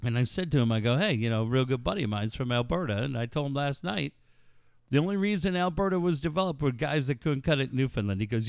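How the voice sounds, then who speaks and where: A man's voice: mid-range voice, lively intonation, fast talker, creaky, clean tone, no room sound, clean studio sound. A middle-aged man co-hosting a radio show, telling stories in casual banter, swearing freely and laughing as he goes. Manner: storytelling, swearing a lot, laughing.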